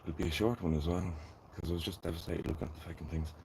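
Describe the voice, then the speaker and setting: Low-voiced Dublin man, rambling gardening-stream host talking to chat, with steady noise behind him. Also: quick pace, low-quality recording. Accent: Dublin Irish. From Ireland. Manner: chatty, rambling, talks to his viewers while working. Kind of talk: casual live-stream chat.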